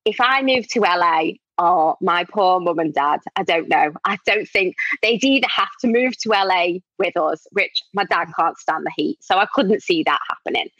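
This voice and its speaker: A woman's voice: fairly low pitch, normal speed, hardly any pauses, fairly bright tone, no room sound, dull audio. A woman in her thirties with a northern English accent touched by Scouse, chatting openly as an actor in an interview and laughing often. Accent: northern English, Scouse-tinged. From northern England. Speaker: actor and podcast guest. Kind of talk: casual interview chat.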